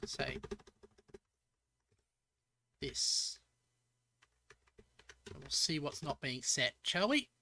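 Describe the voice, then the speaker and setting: A woman's voice: low voice, sing-song, drawn-out words, pauses often, bright, forceful tone, slight background noise. An Australian woman streaming as a VTuber, thinking aloud as she codes and chatting with viewers in between. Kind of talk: live coding stream chat.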